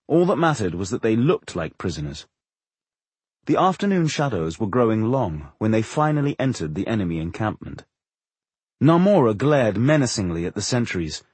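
A man reading a fantasy audiobook in expressive, measured storytelling on a close studio mic. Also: medium pitch, breathy edge, no room sound. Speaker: audiobook narrator. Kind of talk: scripted fantasy narration.

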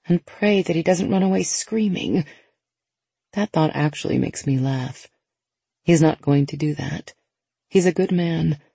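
Woman narrator with a gravelly, husky voice, chatty first-person read. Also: deep voice, no echo. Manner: lively, conversational inner monologue. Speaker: audiobook narrator.

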